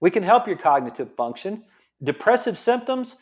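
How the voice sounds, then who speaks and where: Fired-up man, high voice. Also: normal speed. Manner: excited, repeats himself, uses football coaching comparisons. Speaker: chiropractor and health coach. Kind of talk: fired-up motivational health talk. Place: his gym.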